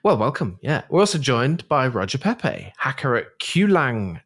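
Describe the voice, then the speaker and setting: A man hosts a tech podcast in a relaxed, joking way, his pitch rising and falling. He banters easily with his guests. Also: moderate pace. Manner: playful, jokey, laughs easily. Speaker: podcast host. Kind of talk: casual tech podcast chat.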